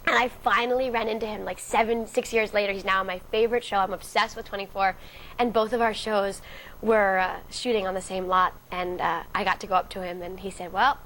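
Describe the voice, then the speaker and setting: A woman recounting her own story in a relaxed interview. She moves along briskly and puts on the lines of the people in her story. A soft hum of ambience sits underneath. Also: medium pitch, rough recording. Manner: acts out quoted dialogue vividly. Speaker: actress interviewee.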